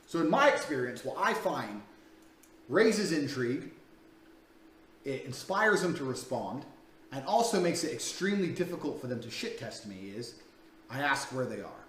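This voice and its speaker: A man's voice: mid-range voice, sing-song, normal speed, fairly bright tone, a little hiss or hum. A man coaching in a crude, blunt, profane way, talking through a paid dating course. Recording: echoey room, distant mic, faint ambience.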